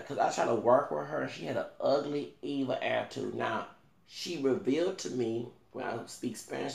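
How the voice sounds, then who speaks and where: A man, a vlogger telling a rambling, animated story in casual talk and swearing now and then. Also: mid-range voice, vocal fry, echoey room.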